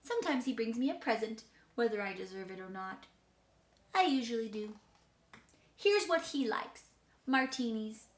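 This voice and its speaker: A woman performs a dramatic storybook reading as a precocious, mischievous six-year-old girl living in a hotel, giving a playful, chatty, boastful, matter-of-fact monologue. Her lightly acted voice is on the high side with lively intonation, normal speed and long pauses, in a roomy, echoing recording.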